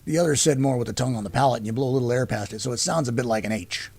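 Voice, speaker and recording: A man's voice: mid-range voice, very fast, vocal fry, darkish tone, soft background music. A man voicing a big, scarred male elf who patiently tutors his younger sister. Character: big scarred male elf, warm teasing older brother.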